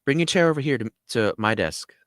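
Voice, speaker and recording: A man's voice: medium pitch, expressive, brisk, a bit bright, dry recording, clean studio sound, voice pushed up, natural voice. A man voicing a curt, impatient male army sergeant who gives brusque orders. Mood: commanding. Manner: brusque, commanding.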